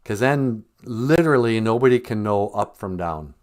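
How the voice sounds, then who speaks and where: A man's voice: fairly low pitch, expressive, moderate pace. A middle-aged man co-hosting a casual morning chat, joking and teasing in a wry way. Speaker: co-host.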